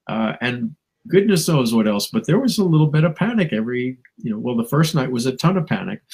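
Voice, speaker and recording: A man's voice: medium pitch, a little mellow, husky, poor audio. A man, a spiritual teacher and guest, musing reflectively in a talk show conversation, with chuckles and playful asides.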